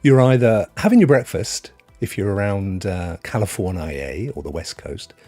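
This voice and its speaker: Husky British man hosting a chatty stream. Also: fairly low pitch, expressive, moderate pace, mellow, faint music behind. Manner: chatty, jokey, laughs often. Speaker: livestream host. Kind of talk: casual chat reading viewer comments.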